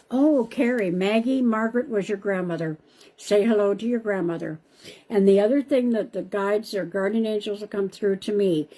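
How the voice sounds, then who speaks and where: A woman's voice: mid-range voice, warm tone. A woman hosting a live stream as a psychic medium, chatting casually and calling viewers by name, often repeating herself. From Canada.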